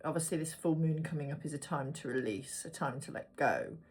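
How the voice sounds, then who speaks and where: Woman, low voice, casual tarot reader, chatty and wandering. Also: fairly quick. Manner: chatty, rambling asides, talks to herself while picking cards. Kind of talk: casual tarot reading to viewers.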